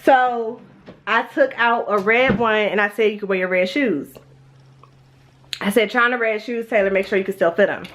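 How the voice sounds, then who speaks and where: A young adult woman, a vlogger and mother, chats casually indoors at home in a stuffy, congested voice. It's mid-range, slightly bright, and normal in speed, and she rambles with lots of fillers.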